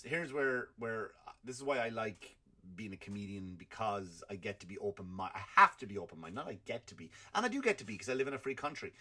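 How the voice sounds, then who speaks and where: A man delivers a rambling comedy rant on his podcast. His voice is bright and forceful, and he swears freely while his loudness jumps around. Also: medium pitch.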